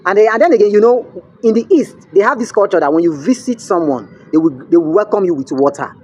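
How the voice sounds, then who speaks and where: A man's voice: sits high, expressive, fast, darkish tone. A young man with a Nigerian accent, telling a story to camera in a chatty way and often checking in with the viewer. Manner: chatty, asks the viewer "you get?", mixes in pidgin. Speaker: vlogger.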